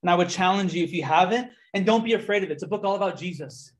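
A young man giving a testimony in a church, telling his story with lively quoted dialogue. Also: high voice, quick pace. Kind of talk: testimony sermon.

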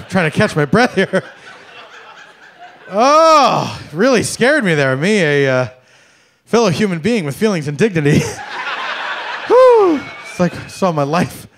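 On a club stage, a middle-aged man does a stand-up set with an animated, exaggerated, mock-polite delivery. His voice is a little high.

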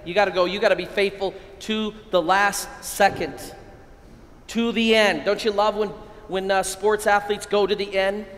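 A middle-aged American priest giving an excitable, energetic keynote talk to a men's conference, with sudden loud bursts. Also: male voice, high voice. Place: large hall at a conference. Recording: echoey hall, long reverb.

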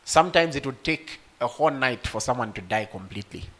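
A man preaching a sermon to a congregation, rising to loud emotional peaks and speaking directly to his listeners. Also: mid-range voice, animated, a little fast. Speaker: pastor.

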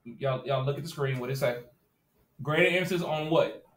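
A man with a mid-range voice speaks at a moderate pace, lecturing a class as a teacher in a casual, direct way and often checking that students are keeping up. The classroom echoes, and he is sometimes far from the mic.

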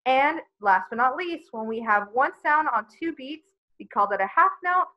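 A woman's voice: sits high, animated, normal speed. A woman music teacher explaining note values to young children, friendly and step by step. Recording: dull lo-fi sound.

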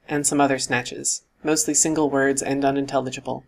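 Male audiobook narrator, steady and even delivery, scripted reading. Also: medium pitch, normal speed, creaky, few pauses.

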